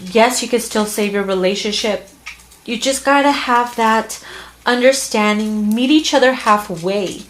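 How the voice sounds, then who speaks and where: A woman reads tarot in a heartfelt, earnest way, her voice sitting a little high. She talks casually, with fillers and restarts, as if addressing a couple directly. There is a faint hiss of noise behind her. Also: measured pace. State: emotional, near tears at times. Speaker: tarot reader. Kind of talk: casual tarot reading to camera.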